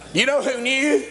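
A man, a pastor, delivering a folksy sermon, exclaiming often and laughing between points. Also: extremely high pitch.

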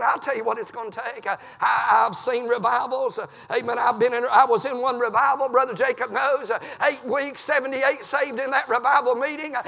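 A man preaching an impassioned sermon in a church, dropping to low murmurs and climbing to shouted peaks. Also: vocal fry, long reverb tail.

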